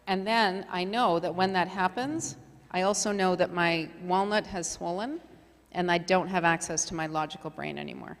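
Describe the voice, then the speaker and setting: A middle-aged woman with a fairly low voice runs a community leadership workshop, talking loosely and conversationally with plenty of fillers. Her voice rings out with the long reverb of a meeting hall. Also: normal speed, few pauses. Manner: chatty, filler-heavy, conversational. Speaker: workshop facilitator. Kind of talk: casual workshop presentation.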